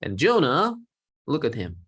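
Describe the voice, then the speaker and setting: A man teaching a Bible story lesson, explaining words simply and slowing down for learners. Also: mid-range voice, huge pitch swings, fairly bright tone, slightly rough. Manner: acts out quoted lines with feeling.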